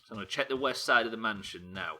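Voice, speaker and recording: A man's voice: fairly low pitch, fast, sharp tone. A man with a Yorkshire accent chatting to his viewers while playing a game, joking and asking questions aloud. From Yorkshire, England. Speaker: streamer. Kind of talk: casual game-stream chat.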